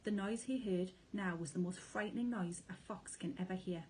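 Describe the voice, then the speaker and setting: A woman teacher reading a children's storybook aloud, with clear, expressive storytelling. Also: lowish voice, moderate pace, a little hiss or hum, rough recording. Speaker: primary school teacher.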